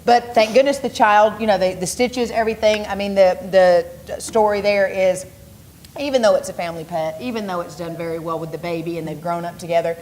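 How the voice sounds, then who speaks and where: A woman co-hosting a daytime TV talk show in relaxed, playful banter. She chats freely and hops from one topic to the next, with faint noise behind her. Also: medium pitch, a little fast. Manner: playful and chatty, jumps between topics. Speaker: co-host of a local TV talk show. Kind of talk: casual chat.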